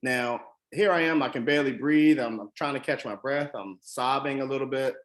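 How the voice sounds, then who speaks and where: A man's voice: medium pitch, fairly quick. A man from the Washington DC area telling a personal motivational story, earnest and emphatic, with frequent ums and restarts. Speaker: motivational speaker.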